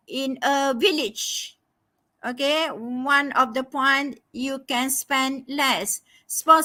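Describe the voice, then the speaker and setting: A woman's voice: high voice, pushed and bright. A woman tutoring a live online lesson, emphatic and instructive, repeating key phrases and checking in with "okay?". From Malaysia. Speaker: English tutor.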